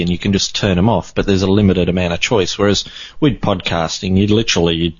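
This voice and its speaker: A man's voice: low voice, a bit bright, slightly rough, no room sound. A man with an Australian accent, co-hosting a podcast in casual, rambling chat and swearing freely. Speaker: podcast co-host. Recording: dull dry lo-fi podcast audio.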